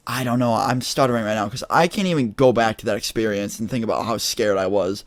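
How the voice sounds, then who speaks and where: Teen boy vlogger, rambling and excitable. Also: lowish voice, fast, hardly any pauses, dry recording, studio quality. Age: teens. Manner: rambling, excitable, lots of fillers and swearing. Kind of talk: casual storytelling vlog.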